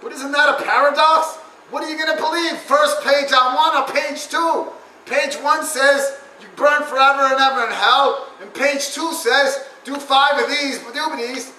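A man's voice: extremely high pitch, fairly even intonation, unhurried, pushed and bright. A man doing stand-up in a god persona, chanting rhymes, repeating lines and jeering profanely in a preachy tone. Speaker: stand-up performer. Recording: roomy echo, distant mic, faint noise.

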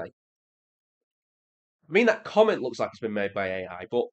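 A young man with an English accent, chatting casually as he reacts to comments, sarcastic and prone to exasperated high-pitched rants. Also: sing-song, normal speed. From England. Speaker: reaction video creator.

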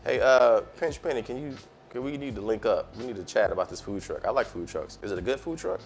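A man's voice: mid-range voice, expressive, fast talker. A man chatting casually with his live-stream audience while he cooks, in a laid-back, slangy way. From United States. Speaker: cooking streamer. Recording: faint music behind.

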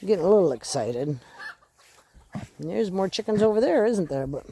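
A woman's voice: medium pitch, expressive, moderate pace, warm tone, a little hiss or hum. A woman casually talking through a dog training walk in her yard, breaking off to give her dog short commands and praise. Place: outdoors in her yard near chickens.

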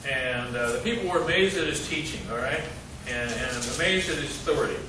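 A man teaching a group Bible study in a church meeting room, halting with many fillers and quizzing his listeners. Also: medium pitch, expressive, distant mic. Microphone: distant room mic. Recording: echoey room recorded from afar, noisy.

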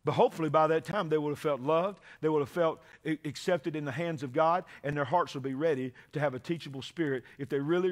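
A man preaching a sermon to his congregation, calling for amens and building to shouted peaks. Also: a little high. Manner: call-and-response preaching, rising to shouts at climaxes. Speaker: pastor. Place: church sanctuary with congregation.

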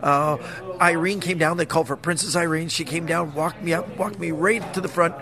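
A man's voice: on the high side, fairly even intonation, fairly quick, crowd noise. A Canadian man in his sixties, a magician guest chatting casually and laughing through his stories. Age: 60s. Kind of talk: casual storytelling.

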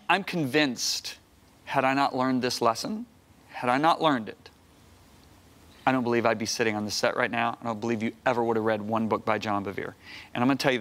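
A sixty-something man appearing as a guest preacher tells an animated story on a talk-show set in a TV studio. His emphatic telling climbs into high, excited outbursts.

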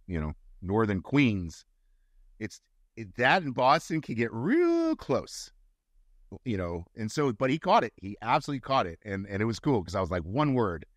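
A man's voice: on the low side, normal speed, no room sound, studio quality. A middle-aged male actor, a guest, telling stories in a casual interview and acting out the quotes. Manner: animated storyteller, acts out quotes.

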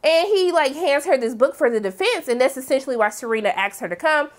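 Sassy high-voiced woman recapping a show. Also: quick pace. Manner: sassy, animated, slangy, dramatic asides. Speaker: TV recap host. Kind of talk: casual episode recap commentary.

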